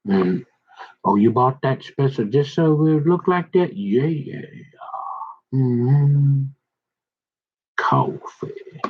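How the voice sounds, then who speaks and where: A man rambling slowly through a casual monologue, folksy and meandering, with trailing asides. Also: medium pitch, lively intonation, slightly rough. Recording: dull lo-fi recording.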